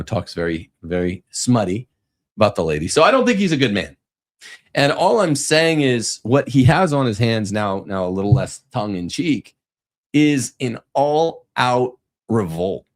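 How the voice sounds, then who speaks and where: A middle-aged man hosting a talk show, giving sardonic, rambling commentary with frequent restarts. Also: on the low side. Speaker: podcast host. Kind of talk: casual commentary.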